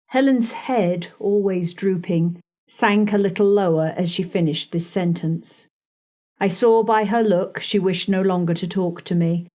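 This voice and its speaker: A woman with a voice on the low side reads scripted audiobook narration, telling the story in a measured, even manner.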